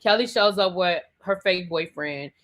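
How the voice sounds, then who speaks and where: Bright-voiced woman ranting casually. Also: lowish voice, unhurried. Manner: chatty and sassy, repeats her points. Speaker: host reviewing a reality TV episode. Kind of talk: casual live rant reading viewer comments.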